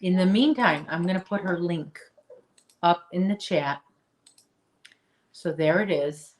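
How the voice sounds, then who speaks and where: Lady hosting a crochet live, kinda low voice, chats w viewers and answers comments, lots of restarts. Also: a little slow. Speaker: crochet livestream host. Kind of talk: casual live chat while crocheting.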